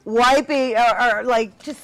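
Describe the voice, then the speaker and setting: A woman hosting a television talk show with a lively, playful delivery. Her voice sits somewhat high, and she laughs easily while chatting with her guest. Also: slow pace. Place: television studio.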